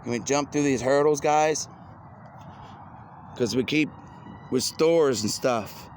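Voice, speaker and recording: A man's voice: medium pitch, takes it slowly. Rambling man talking outdoors, noisy. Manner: rambling, excitable, repeats himself. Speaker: video blogger.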